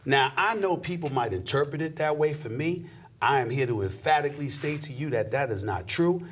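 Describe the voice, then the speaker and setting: A man's voice: medium pitch, expressive, a little fast. A middle-aged man talking emphatically and preachily in a heated sports conversation. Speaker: sports commentator guest.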